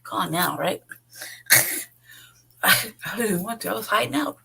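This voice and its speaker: A woman's voice: mid-range voice, animated, normal speed, creaky, background noise. A woman, hosting her own show and ranting bluntly and profanely, laughing often. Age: 40s. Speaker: podcast host. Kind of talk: unscripted rant.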